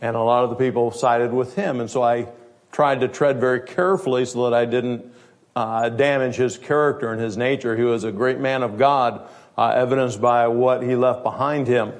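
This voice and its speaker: A male pastor delivers a sermon in a conversational preaching manner. He speaks at a middle pitch, works through the text with everyday asides, and puts rhetorical questions to the congregation. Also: steady tone, normal speed.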